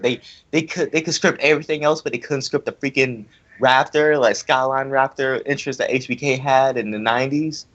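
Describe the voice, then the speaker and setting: A young man ranting angrily in casual talk, repeating himself as he vents about an online wrestling event. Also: medium pitch. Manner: angry, repetitive, ranting. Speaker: online wrestling league member. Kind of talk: heated casual rant. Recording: dull lo-fi audio.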